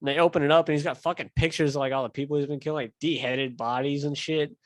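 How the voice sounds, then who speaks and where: A man's voice: fairly high pitch, steady tone, fast talker, no echo. A young man hosting a casual podcast, telling a long story in a rambling, profane way full of fillers. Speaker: podcast host. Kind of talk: casual chat.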